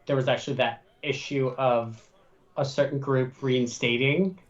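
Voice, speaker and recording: A man who plays in the campaign, recounting a table story in a halting way with fillers. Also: medium pitch, fairly even intonation, far from the mic, dull audio. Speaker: player. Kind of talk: casual chat.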